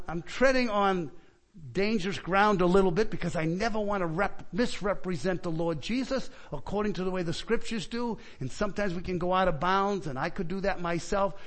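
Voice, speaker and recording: A man preaching a sermon, swinging between loud pleading and quiet reflection, often asking his listeners questions. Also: high voice. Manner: repeats and restarts words, asks the listeners questions.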